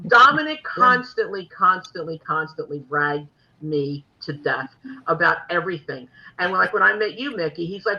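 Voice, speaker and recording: Brief: woman, 60s, lively storyteller host, bright voice, lo-fi sound. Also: fairly low pitch, normal speed. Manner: animated storyteller, laughs often. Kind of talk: storytelling podcast chat. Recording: dull lo-fi recording.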